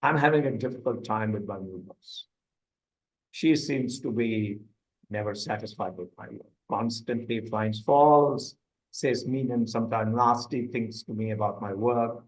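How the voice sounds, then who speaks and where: A man's voice: medium pitch, unhurried, close to an everyday voice, low-quality recording. A man reading as a worried office worker. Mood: troubled.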